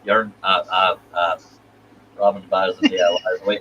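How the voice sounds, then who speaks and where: A man's voice: low voice, flat delivery, moderate pace, muffled recording, noisy background. A man hosting a casual live stream, rambling and reading viewer comments aloud.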